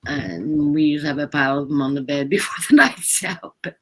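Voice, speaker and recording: A woman's voice: low voice, fairly quick, a bit bright, poor audio. An American woman joining a live stream as a guest tarot reader, chatty and upbeat, laughing easily.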